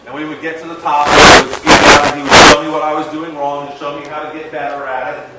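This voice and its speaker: A middle-aged man from the American South giving a motivational talk, telling a story in a lively way and acting out the dialogue. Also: a little high, fast talker, very noisy. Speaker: motivational speaker. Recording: echoey hall, distant mic.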